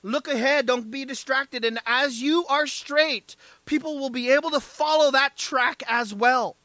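A man's voice: extremely high pitch, unhurried, pushed and bright, no room sound. A man preaching a sermon as pastor, emphatic, often asking the congregation "right?" and "amen?".

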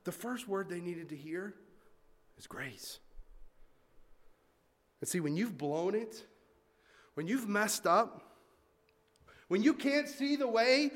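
A pastor delivers a sermon, swinging between loud, emphatic points and quiet asides, and mimics his listeners' complaints in mock voices. His voice sits high.

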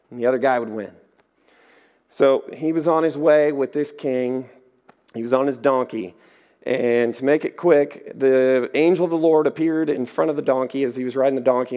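A man preaching a sermon, telling stories in a lively way and acting out the voices in them. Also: medium pitch. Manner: lively storytelling, acts out voices. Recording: echoey hall.

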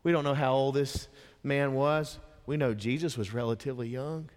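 A man preaching a sermon as a dramatic storyteller, dropping to a hush and then rising to impassioned emphasis. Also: mid-range voice, steady tone, normal speed. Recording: long hall reverb.

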